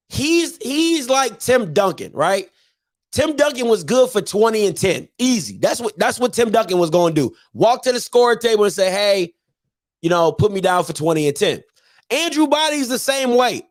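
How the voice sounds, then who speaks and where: A high-voiced man hosts a live sports call-in show, hammering his points home with lots of repetition. His pitch jumps all over as he argues, and the sound is close and dry with no room to it. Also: no room sound. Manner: emphatic, repeats points, argues insistently. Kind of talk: casual live sports talk.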